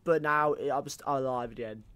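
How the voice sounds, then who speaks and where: A man's voice: medium pitch, normal speed, fairly bright tone, clear, resonant tone, close to an everyday voice. A man playing a defensive, whiny 1600s plotter in an improvised comedy sketch, swearing and protesting his innocence. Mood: aggrieved. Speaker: guest playing a historical figure.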